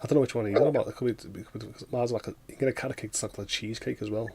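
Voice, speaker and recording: A man's voice: mid-range voice, fairly even intonation, racing, crowd noise. Chatty man hosting a casual chat. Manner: chatty, jokey, many restarts. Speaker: host.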